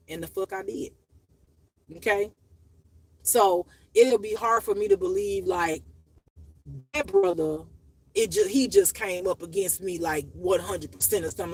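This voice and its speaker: A woman recounts her life casually in a raw, profane and emotional way, often rambling. Her voice has a gravelly fry. Her pitch sits in an ordinary middle range. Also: rough recording. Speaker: spiritual life teacher. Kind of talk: casual personal storytelling.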